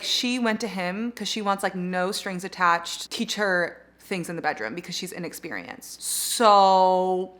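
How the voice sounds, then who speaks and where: A woman in her twenties chatting casually in a reading vlog, gushing and excitable, swearing freely. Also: fairly low pitch. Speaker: reading vlogger.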